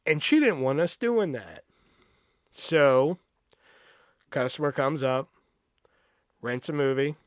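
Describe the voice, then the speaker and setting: A man hosting a podcast, telling a story in a casual, animated, profane way and acting out the quoted voices. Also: on the high side, slow, long pauses, no room sound, clean studio sound. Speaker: podcast host.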